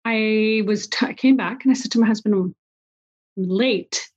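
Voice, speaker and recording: A woman's voice: medium pitch, normal speed, darkish tone, slightly rough, highs cut off. A woman in her forties telling a personal story in an interview, quoting dialogue and sounding emotional. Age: 40s. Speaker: guest. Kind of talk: conversational interview.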